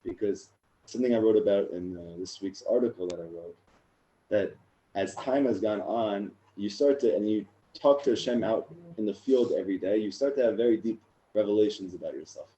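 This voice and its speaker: A man in his thirties, a rabbi, sharing his own story in a casual, animated talk that gets louder and higher in the funny parts. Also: fairly quick, poor audio. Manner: animated storyteller, rising and loud in funny moments. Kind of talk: casual personal talk to a group.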